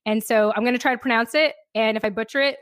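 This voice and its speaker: Female podcast host, bright-toned and chatty, laughs between thoughts, dry close mic. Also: a little high, fairly even intonation, fast talker, dry recording. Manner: chatty, laughs often, heavy use of "like". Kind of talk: casual interview chat.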